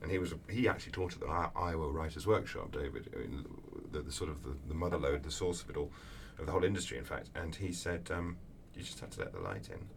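A man answering interview questions as an author, telling lively anecdotes with acted-out voices. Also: very deep voice, fast, few pauses. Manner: animated storyteller, acts out voices in anecdotes. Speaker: author guest. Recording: distant mic with faint background noise.

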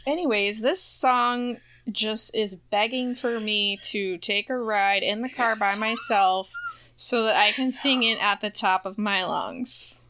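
A woman's voice: medium pitch, unhurried, sharp tone, slight background noise. A woman co-hosting a podcast in casual chat, laughing often and teasing. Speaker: podcast co-host.

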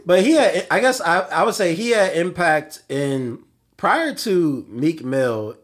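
A man's voice: fairly high pitch, slow. A young man co-hosting a casual podcast, talking in loose slang, laughing and acting out little bits. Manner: animated, laughing, slangy, mimics others in bits.

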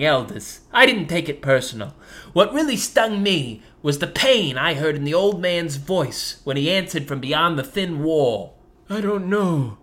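Deadpan woman telling a gangster-baby tale. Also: medium pitch. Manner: tough-guy mobster talk, deadpan. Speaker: storyteller narrating as a gangster baby. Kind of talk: first-person comic storytelling. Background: soft harp jazz music.

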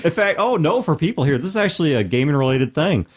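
A man's voice: on the high side, very animated, quick pace. A man hosting a podcast in casual chat, talking emphatically and laughing often, from Missouri. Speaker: podcast host.

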